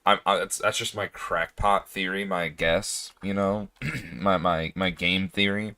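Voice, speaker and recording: A low-pitched, hoarse male streamer talks loosely to his viewers, full of fillers and throat clearing. The sound is close and dry, with no room around it. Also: fairly even intonation, measured pace, pushed and bright, dry recording. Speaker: game streamer. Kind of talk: casual livestream chat.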